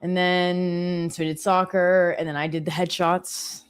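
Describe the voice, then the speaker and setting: This is a smooth, low voice with little pitch movement, running a little slow. The speaker, a Canadian woman in her thirties, co-hosts a live trading stream and fills her casual, chatty storytelling with fillers.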